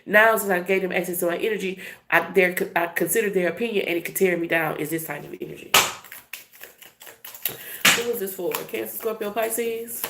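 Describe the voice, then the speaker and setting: A woman's voice: on the low side, brisk, a bit bright, echoey room, slight background noise. A woman giving a casual tarot reading in a blunt, emphatic, profane way. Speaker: tarot reader.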